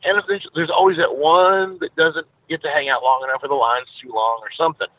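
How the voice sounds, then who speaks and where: A Southern-accented man from Texas, a musician guest, tells stories in a relaxed way over a tinny phone line, his slightly high voice brisk and fairly even, peppered with lots of "uh"s. It's a casual phone interview.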